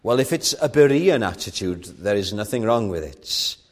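A man's voice: on the low side, lively intonation, moderate pace. A man preaching a sermon at an evening church meeting, earnest and rising to fervent emphasis.

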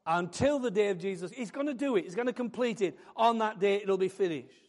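A man preaching a sermon, building fervently into loud, emphatic declarations. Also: sits high, brisk.

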